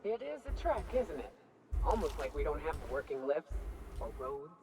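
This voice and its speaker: Wry game companion. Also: female voice, low-pitched, very animated, moderate pace.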